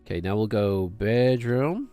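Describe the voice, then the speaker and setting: A man's voice: fairly low pitch, expressive, unhurried, dark tone, clean tone, soft background music. Man thinking aloud over a game. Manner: thinking aloud, talking to himself and chat. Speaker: game streamer. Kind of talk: casual gameplay commentary.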